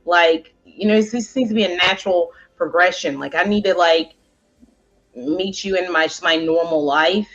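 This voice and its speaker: A woman co-hosting a casual chat, rambling and animated with many filler words. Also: on the low side, normal speed, lo-fi sound. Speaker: co-host.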